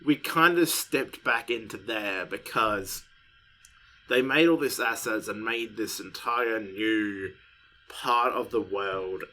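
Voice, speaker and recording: A young man chats casually as co-host of a podcast. His voice is bright and forward. He rambles a little, swears freely and talks with lively energy. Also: lowish voice.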